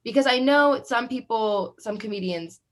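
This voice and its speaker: A woman's voice: on the high side, normal speed. A young adult woman interviewing a guest, hesitant and full of restarts, laughing often. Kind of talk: casual interview chat.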